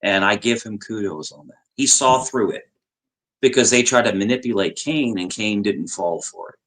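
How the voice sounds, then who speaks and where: A man's voice: on the low side, normal speed, fairly bright tone. Repetitive, profane man in casual chat. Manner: profane, repeats himself. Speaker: podcast guest.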